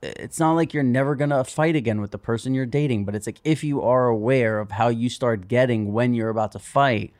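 A man's voice: mid-range voice, fairly quick, hardly any pauses, a little mellow, dry recording. A man talks as a podcast guest in loose, rambling chat, full of fillers and acted-out quotes. His voice sits in a middle register. The sound is dry and close-miked. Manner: rambling, frequent "like", acts out quotes. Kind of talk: casual chat.

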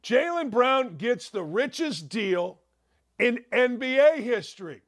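Middle-aged guy hosting sports talk, sarcastic rant, highish voice, stretches words out for effect. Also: expressive, fairly bright tone. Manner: sarcastic, ranting, drawn-out emphatic delivery. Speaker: sports talk show host. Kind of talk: opinionated sports talk monologue.

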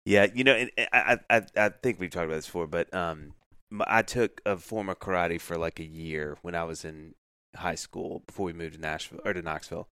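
A podcast co-host with a low-pitched voice tells stories in brisk, casual chat, acting out quotes and laughing often. His tone is smooth, and the dry recording has studio quality.

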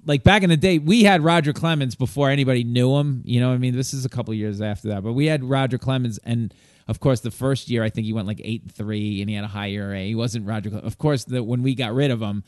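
A man co-hosting a casual talk show, spinning an excitable, rambling anecdote. The sound is dry and close, with no room echo. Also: medium pitch, fast. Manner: animated, rambling, profane storyteller. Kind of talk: casual storytelling chat.

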